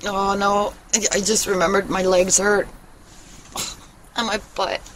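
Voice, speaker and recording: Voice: medium pitch, a bit bright, slight background noise, poor audio. A vlogger in a casual, rambling personal chat who talks candidly, swears freely and laughs often, recorded outdoors on a handheld phone. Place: outdoors in a meadow, sitting on a wooden bench.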